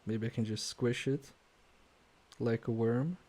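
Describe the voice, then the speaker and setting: Male repair streamer, unhurried, mellow tone, hesitant think-aloud delivery. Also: mid-range voice, fairly even intonation. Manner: hesitant, self-questioning, trails off with many fillers; quietly focused, mutters while working. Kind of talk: live-stream thinking aloud while soldering.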